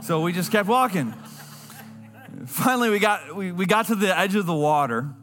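A man preaching a sermon, telling a personal story in an earnest voice that drops low and quiet at tender moments. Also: animated, moderate pace, in a large hall, faint music behind.

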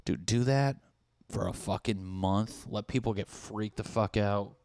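A young man hosting a podcast, rambling through a casual monologue, swearing a lot and getting excited as he goes. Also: fairly low pitch, a little slow, no room sound, studio quality. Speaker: podcast host.

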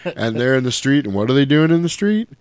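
A man casually recapping a movie in chat, animated and swearing, mimicking the characters' lines in high silly voices. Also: brisk, clean tone, no echo. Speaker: podcast host recapping a film.

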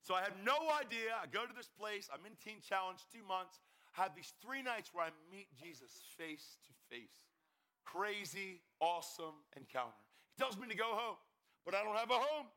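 A man from Pennsylvania giving a fast, urgent testimony sermon at a conference, breaking into sudden shouts. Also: high voice, animated. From York, Pennsylvania, US. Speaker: evangelist speaker.

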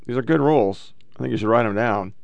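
A man's voice: medium pitch, fast, creaky, dry recording, lo-fi sound. A middle-aged man hosting a casual, profane commentary show, bluntly lecturing about the clips he plays. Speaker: podcast host reacting to clips.

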